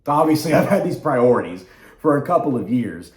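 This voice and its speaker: A young man in his twenties speaks straight to his camera in a loose, reflective way. He trails off and restarts his sentences as he thinks aloud. His voice sits at an ordinary middle pitch and echoes around the room. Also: sing-song, a little fast, darkish tone. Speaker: vlogger. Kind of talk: rambling casual vlog to camera.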